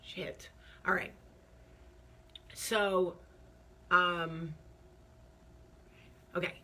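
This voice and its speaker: A woman's voice: on the low side, fairly even intonation, drawn-out words, pushed and bright. A woman hosting her own talk show, telling a story casually, chatty and candid with lots of fillers, sounding stressed and nervous. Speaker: vlog host.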